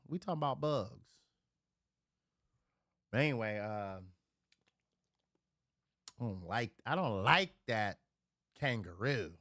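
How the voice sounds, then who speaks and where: A man on a casual livestream, drinking while he chats. He rants in profane, rambling bursts, swinging from loud outbursts to low mutters, speaking from home. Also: animated, slow pace, pauses often, no echo, studio quality. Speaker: live streamer. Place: at home near a refrigerator.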